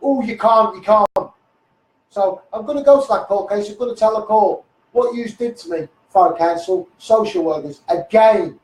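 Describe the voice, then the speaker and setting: A man's voice: high-pitched, moderate pace, warm tone, far from the mic. Combative Liverpool man ranting, echoey. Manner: blunt, combative, swearing, addressing officials directly. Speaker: social media campaigner. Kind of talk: angry Facebook Live rant.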